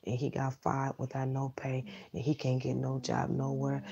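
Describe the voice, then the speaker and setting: A woman quietly voicing a remorseful young woman who pleads and apologizes over and over. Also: a bass voice, completely flat delivery, moderate pace, vocal fry, breathy edge, lo-fi sound, exaggerated voice. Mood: pleading, hushed. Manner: hushed, pleading, repetitive apologies.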